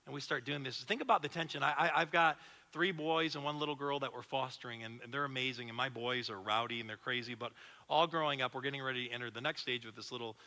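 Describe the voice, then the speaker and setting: A man in his thirties preaching a sermon in a church, talking in an animated, conversational way with frequent restarts. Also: mid-range voice, fast talker. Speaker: pastor. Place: church auditorium. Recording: long hall reverb.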